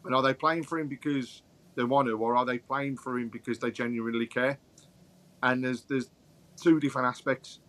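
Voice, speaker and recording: A man on a podcast panel, giving long, measured explanations of his views in a casual football chat. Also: medium pitch, fairly even intonation, a bit bright.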